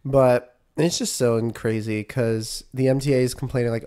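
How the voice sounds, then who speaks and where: A young man from New York co-hosting a podcast, ranting in a casual, animated way and laughing often. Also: medium pitch, normal speed, smooth. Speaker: podcast co-host. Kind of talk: casual chat.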